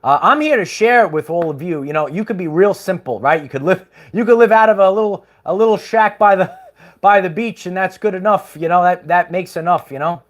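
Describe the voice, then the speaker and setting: A man's voice: high voice, a little fast. A man hosting a livestream, chatting casually in a rambling way with chuckles and many fillers. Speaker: livestream host.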